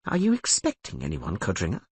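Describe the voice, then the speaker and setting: Old crippled partner, low and cautious, read by a male narrator; husky. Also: huge pitch swings, a little fast, dry recording, heavily acted. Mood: wary. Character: crippled older man in wheelchair, wary.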